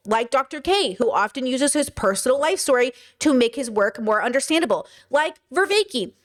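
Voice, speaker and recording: High-pitched young woman streamer going back and forth with chat, gets loud and fired up. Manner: emphatic, rising to loud passionate peaks. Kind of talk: livestream commentary.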